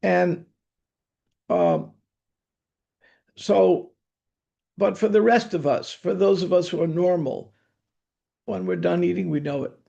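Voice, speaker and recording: A man's voice: sits high, expressive, slow, creaky, pauses often, warm tone, lo-fi sound. An older man giving a scripture lecture, telling anecdotes in a conversational way with dry humor. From United States. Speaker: spiritual teacher giving scripture class.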